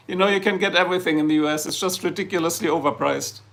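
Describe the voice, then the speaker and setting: A man's voice: on the high side, fast, vocal fry, a bit bright. A man from Germany with a German accent, hosting a casual livestream and chatting to viewers in a rambling, jokey way. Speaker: livestream host. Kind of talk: casual livestream chat answering viewer comments.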